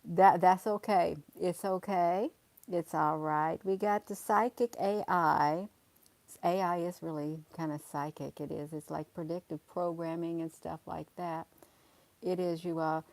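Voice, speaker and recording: A woman's voice: lowish voice, fairly even intonation, measured pace, gravelly, a little mellow, no room sound. A woman, hosting a casual livestream and talking emphatically and repetitively to viewers, calling them honey. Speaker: livestream host.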